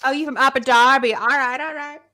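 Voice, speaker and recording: A loud, chummy local with a thick Philadelphia accent, pitched well above the speaker's usual voice, as a woman puts it on. The delivery is brash and neighborly, full of easy swagger. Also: fairly even intonation, a little fast.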